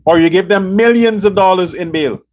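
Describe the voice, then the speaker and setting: A man's voice: sits high, moderate pace, darkish tone. A man hosting a political commentary show, ranting angrily with profanity, scorn and rhetorical questions. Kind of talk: angry political rant. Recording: dull lo-fi sound with faint noise.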